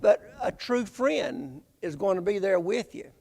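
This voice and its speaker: Gravelly preacher in a church. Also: male voice, high voice, expressive, dark tone. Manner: halting, repeats words, conversational. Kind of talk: bible class sermon. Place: church sanctuary. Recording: reverberant church hall.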